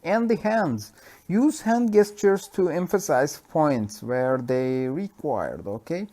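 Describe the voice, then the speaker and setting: This Turkish-accented man, a university lecturer, speaks slowly yet very animatedly in a high-leaning, dark-toned voice. His self-recorded lecture is conversational, crowded with fillers and self-corrections.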